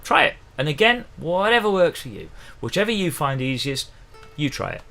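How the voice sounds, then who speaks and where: Guy teaching uke on a livestream, chatty and encouraging, bouncy pitch, bit of gravel. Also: big pitch swings, normal speed, pushed and bright, faint music behind. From England. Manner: chatty, encouraging, counts in beats. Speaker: ukulele teacher. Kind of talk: livestream music lesson. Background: faint ukulele playing.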